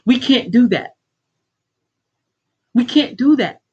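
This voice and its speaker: Blunt, profane woman with a husky voice. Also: fairly high pitch, lively intonation, slow pace, dark tone, muffled recording. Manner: blunt, heavily profane, preachy. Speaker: life coach hosting a livestream. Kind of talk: casual livestream pep talk.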